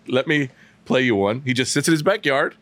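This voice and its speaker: A male stand-up comedian hosting a podcast, telling a story in a casual comedic way, laughing often and acting out shouted quotes. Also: medium pitch, animated, normal speed, dry recording.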